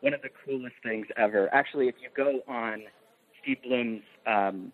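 A man's voice: mid-range voice, normal speed. A man, a film producer guest on a podcast, telling a story with enthusiasm and laughter in casual chat. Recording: tinny phone-like line.

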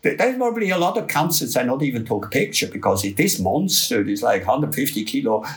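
An older man, a photographer, telling rambling, lively stories in an interview, full of restarts. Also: mid-range voice, brisk, recorded from a distance, slight background noise. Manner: rambling, lively storyteller with frequent restarts and laughs. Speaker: guest photographer. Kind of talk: anecdotal storytelling interview.

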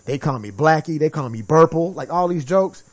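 This man speaks with a fairly high voice that swings up and down. He talks in a relaxed, slangy way but hits his points hard and often acts out the voices of people he quotes. The pitch jumps are wide and lively. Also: moderate pace. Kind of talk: casual chat.

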